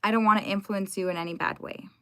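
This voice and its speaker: A woman's voice: medium pitch, fairly even intonation, fast talker, bright, forceful tone, smooth. A young woman live streaming from home, chatting casually and greeting her viewers by name.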